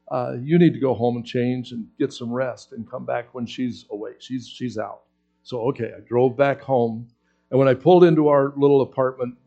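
A man preaching a sermon, telling a personal story with acted-out quotes and lively swings in voice. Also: medium pitch, creaky, dull audio. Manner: animated storyteller acting out quotes. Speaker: pastor.

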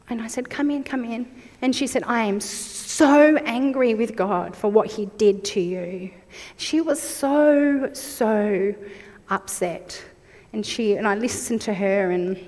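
A woman's voice: mid-range voice, big-room sound. A woman in her forties preaching a sermon, reflective and personal as she shares her own story.

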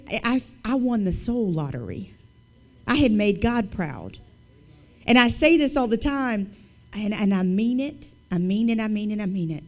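A woman speaking at a church service, telling her testimony as an author and guest speaker in a lively, conversational, emphatic storytelling way. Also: mid-range voice.

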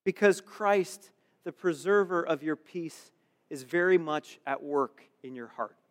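A man with a high voice preaches a sermon in an earnest, direct way. He presses his points into emphatic exhortations and speaks straight to his listeners. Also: measured pace. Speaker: pastor.

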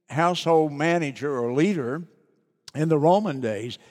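A middle-aged man pastor preaching a sermon, deliberate and repeating key phrases for emphasis. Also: on the high side, darkish tone, big-room sound.

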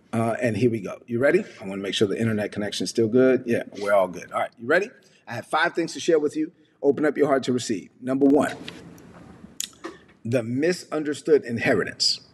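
A man preaching a sermon, retelling a parable with lively storytelling and acted-out voices. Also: mid-range voice, in a large hall, a little hiss or hum. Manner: animated storytelling, acting out characters. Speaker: pastor.

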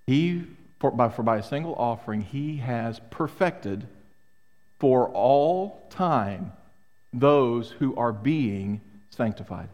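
Middle-aged pastor preaching in a reverberant hall. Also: male voice, mid-range voice, animated, slow, a little mellow, muffled recording. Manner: emphatic, rhetorical questions to the congregation. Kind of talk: sermon. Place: church sanctuary.

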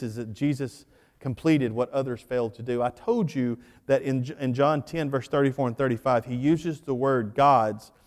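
A man's voice: mid-range voice, darkish tone. Male pastor in a reverberant church. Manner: conversational, joking storyteller addressing the congregation. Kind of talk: sermon. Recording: long hall reverb of a church.

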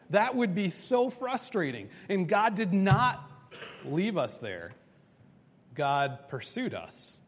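A man delivers a lively, conversational sermon, acting out little scenes. His voice sits on the higher side for a man. A long reverb from a large hall trails his words. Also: unhurried. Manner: animated, conversational, acts out dialogue. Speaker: preacher.

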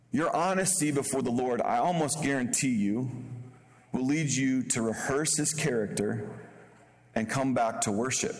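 A man preaching a sermon as a guest pastor, casual and conversational, jumping into bold acted-out voices. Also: long reverb tail. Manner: animated, acts out bold voices with sharp pitch jumps.

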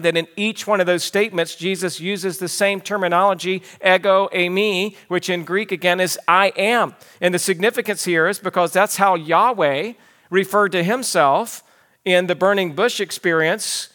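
A man preaches an expository sermon in an earnest, teaching tone. His voice sits high and bright. He slows down deliberately to stress his key points. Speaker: pastor.

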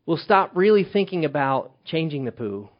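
A man preaching a sermon as pastor, swinging from loud emphatic calls to hushed, quiet lines. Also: on the high side, very animated, normal speed, dull audio.

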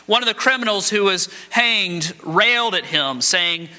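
A man's voice: high voice, lively intonation, measured pace, hardly any pauses, pushed and bright. A man preaching a sermon as pastor, dramatic, acting out the quoted speech of the people in his text. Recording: long hall reverb.

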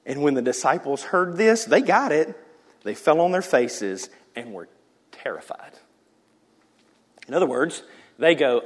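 Male pastor preaching in a church hall, swings from shouts to whispers, long reverb. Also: a little high, sing-song, a little slow, long pauses, husky. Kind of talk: sermon. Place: church sanctuary.

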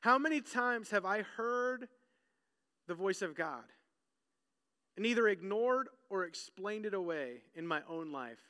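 High-voiced, animated preaching man. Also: unhurried, pauses often, clear, resonant tone, long reverb tail. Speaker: pastor. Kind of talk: sermon.

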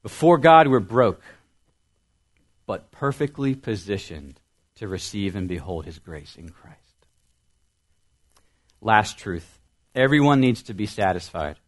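A young man preaching a sermon as a pastor, earnest and storytelling, building emphasis and letting phrases trail off softly. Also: fairly low pitch, lively intonation, a little slow, long pauses.

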